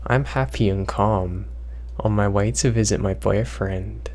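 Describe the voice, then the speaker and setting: A young man reading horror stories aloud, in a slow, even storytelling manner. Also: fairly low pitch. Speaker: narrator.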